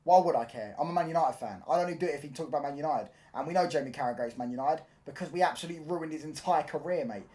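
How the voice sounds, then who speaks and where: A young man from hosts a casual football live stream. He talks in an animated, slangy way and keeps asking whether his chat gets what he means. His voice sits a little on the high side. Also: racing, hardly any pauses. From London. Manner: animated, slangy, repeats "do you get what I'm saying".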